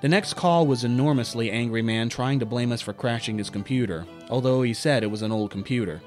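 Male storyteller, wry and self-deprecating, mid-pitched, light music bed. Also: fairly quick, a little mellow. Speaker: narrator. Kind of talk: personal story narration.

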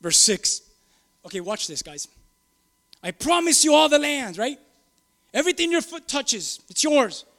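Pastor, middle-aged man, very high voice, emphatic sermon delivery. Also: very animated, unhurried. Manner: builds from low musing to loud emphatic preaching.

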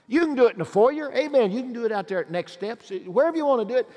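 Pleading pastor in a big hall. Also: male voice, very high-pitched, animated, quick pace, few pauses. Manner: pleading, urgent, swings between loud and hushed. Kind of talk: sermon altar call and prayer. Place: large church sanctuary. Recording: long hall reverb.

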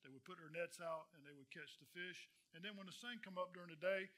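A male pastor preaching a sermon, earnest, repeating phrases and swelling louder on key points. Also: high voice, quick pace.

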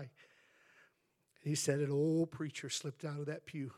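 A man's voice: a little high, a little slow, long pauses, warm tone, slightly rough. A male pastor preaching a sermon in church, telling stories in an earnest way.

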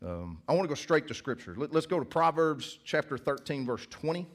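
A man's voice: a little high, very animated, fairly quick. A middle-aged man preaching a sermon in church as the pastor, telling jokes and stories in a casual, chatty way. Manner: casual, joking storyteller.

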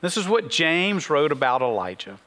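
A man's voice: fairly high pitch, very animated, normal speed, bright, forceful tone, long reverb tail. A man preaching a sermon as a pastor, earnest and full of rhetorical questions. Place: church sanctuary.

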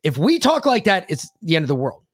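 Brief: male podcast co-host, higher-pitched voice, dry close sound, heated profane rants. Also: huge pitch swings, brisk, husky, no room sound. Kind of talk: casual political podcast chat.

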